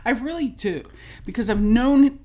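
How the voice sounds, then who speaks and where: A woman's voice: a little high, normal speed. Chatty woman telling a story. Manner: animated storytelling, acts out reactions. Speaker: podcast co-host. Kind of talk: casual chat.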